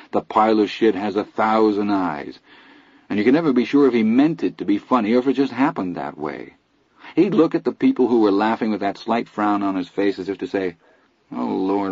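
A man reading a first-person novel aloud in a steady, reflective storytelling manner, in a dull lo-fi recording. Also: fairly low pitch, slightly rough, no room sound. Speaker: audiobook narrator. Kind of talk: first-person literary narration.

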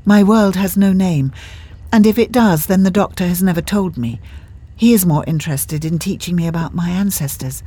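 Narrator doing a blunt warrior woman, higher voice, stiff formal talk, bit husky. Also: normal speed, dark tone, lightly acted. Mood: earnest. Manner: formal, no contractions, blunt questions.

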